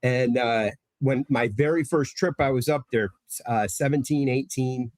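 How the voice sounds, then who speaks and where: A guest presenter from Connecticut, USA, speaks in a medium-pitched, slightly slow and mellow male voice, recorded dry. He chats casually on a podcast, rambling through stories full of fillers and restarts.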